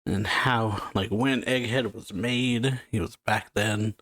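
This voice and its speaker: A man's voice: lowish voice, steady tone, takes it slowly, fairly bright tone, no room sound, clean studio sound. A man hosting a comic reaction video, casually recapping a chapter and reading panels aloud, with loose phrasing full of "yeah" and "like". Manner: loose, filler-heavy narration with frequent "yeah" and "like". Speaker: manga reaction host.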